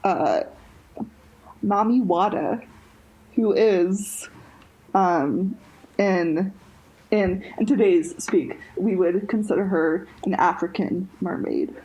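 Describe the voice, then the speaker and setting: A woman's voice: medium pitch, takes it slowly, pauses often, dark tone, low-quality recording. A young woman co-hosting a podcast in casual chat, rambling with lots of fillers and restarts. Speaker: podcast co-host.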